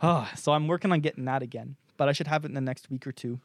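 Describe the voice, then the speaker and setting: This fast-talking young Canadian co-host has a medium-pitched voice, captured cleanly in the studio with no echo. Animated and profane, he spins a loose story for the podcast, performing the quoted exchanges himself.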